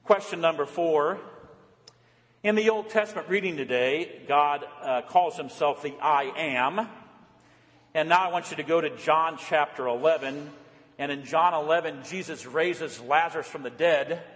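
A man with a high-pitched voice preaches a sermon, asking his listeners questions and then answering them himself. His emphatic delivery rings out in a church with a long, lingering echo. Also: normal speed, fairly bright tone. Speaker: pastor.

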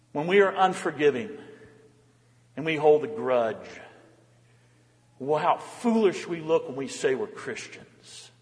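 A man's voice: fairly high pitch, in a large hall. A male pastor preaching a sermon, exhorting his listeners with pointed rhetorical questions. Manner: rhetorical questions, exhorting, rising and falling intensity.

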